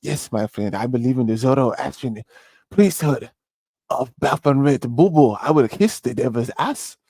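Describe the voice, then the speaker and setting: Give me a man doing a servile, groveling flatterer, dropped low and hushed, wheedling and mock-humble, heard in a dry, close space. The voice sounds eager to please at any cost. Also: normal speed, dry recording. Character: fawning male job-seeker groveling to a boss.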